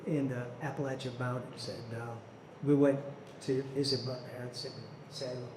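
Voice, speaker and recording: A man's voice: medium pitch, level tone, moderate pace, noisy background. A man from Virginia, a guest in an onstage conversation, making brief dry remarks with some hesitation. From Virginia, USA. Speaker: interview guest, entrepreneur. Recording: distant mic in an echoey hall with crowd ambience.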